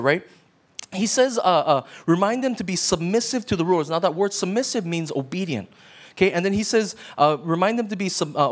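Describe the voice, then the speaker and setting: A higher-voiced male pastor preaches animatedly in a conversational sermon, frequently tossing in "right?" asides.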